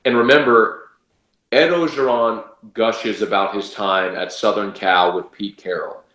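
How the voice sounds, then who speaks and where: A man's voice: fairly low pitch, fairly even intonation, a little slow, a bit bright, echoey room. A man giving confident, emphatic college football analysis as a radio sports guest. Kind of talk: casual sports talk analysis.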